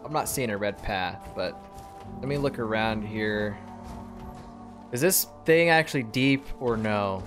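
A man's voice: lowish voice, expressive, a little slow, long pauses, over music. A man giving casual, musing commentary while playing a game, with a laid-back manner. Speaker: gamer.

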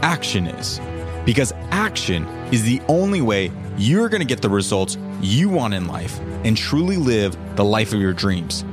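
A man's voice: lowish voice, very animated, moderate pace, over music. A young man hosting a podcast, talking in an enthusiastic, encouraging way. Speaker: podcast host. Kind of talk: interview and scripted outro.

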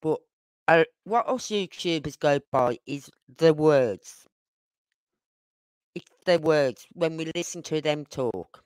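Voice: mid-range voice, expressive, a little mellow, clean tone, dry recording. Emphatic YouTuber in a dry room. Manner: emphatic, rhetorical questions, repeats points; apologetic about talking fast. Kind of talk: live-stream commentary.

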